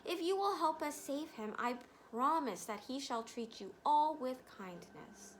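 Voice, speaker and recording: A woman's voice: high-pitched, animated, measured pace, slight background noise. A woman voicing an eager, friendly male scarecrow who talks persuasively, for a storybook reading.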